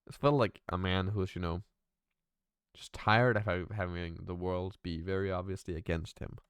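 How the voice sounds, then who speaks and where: A man's voice: low-pitched, steady tone, moderate pace, smooth, no room sound, studio quality. A man hosting a music reaction video, talking through his thoughts in a searching, casual way and swearing freely.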